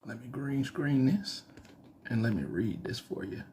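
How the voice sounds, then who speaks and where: A man's voice: mid-range voice, expressive, unhurried, darkish tone, a little hiss or hum. Rambling man hosting a casual news stream. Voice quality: slight twang put on in his voice. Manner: rambling, self-correcting, thinking aloud. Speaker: news show host. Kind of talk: casual solo news commentary.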